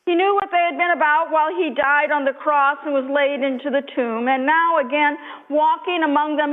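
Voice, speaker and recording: High-voiced woman preaching slowly. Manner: slow, gentle, drops to a hush on repeated blessings. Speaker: pastor. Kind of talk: sermon. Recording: echoey hall over a thin phone-like line.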